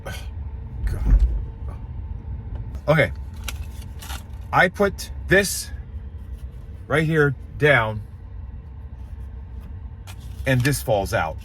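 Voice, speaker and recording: A man vlogging about a stalker while he travels, anxious and full of questions, sometimes muttering low and sometimes breaking into excited high bursts. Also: drawn-out words, pauses often. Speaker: paranormal vlogger. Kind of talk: vlog narration, talking to camera. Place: in and around his car on a road trip. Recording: noisy background, car and road sounds.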